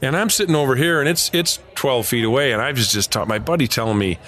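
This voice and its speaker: A man's voice: medium pitch, lively intonation, fast talker, fairly bright tone. A middle-aged man, a former sportswriter, telling rambling anecdotes in casual chat, laughing as he goes.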